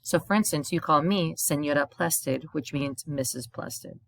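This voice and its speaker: A woman's voice: low-pitched, unhurried, dry recording, clean studio sound. A woman teaching a recorded video lesson in a patient, explanatory way, reading short example dialogues aloud and translating them. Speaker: Spanish teacher.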